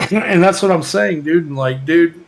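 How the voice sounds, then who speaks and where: A man's voice: on the high side, slow, creaky, low-quality recording. A man with a Texas accent talking in a casual podcast chat, rambling, heartfelt and full of swearing. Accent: Texan. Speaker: podcast co-host.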